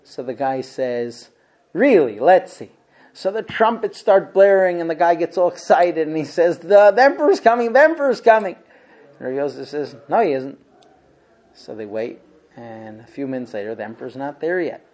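Male religious teacher, storyteller who acts out every character, lively and expressive. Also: medium pitch, moderate pace. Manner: acts out characters with big swings from shouts to hushed whispers. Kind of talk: animated storytelling lesson.

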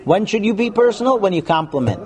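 A man's voice: high-pitched, quick pace. A man teaching a live class on marriage, talking frankly and acting out couples' lines in put-on voices. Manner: animated, acts out quoted couples. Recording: live room with audience noise.

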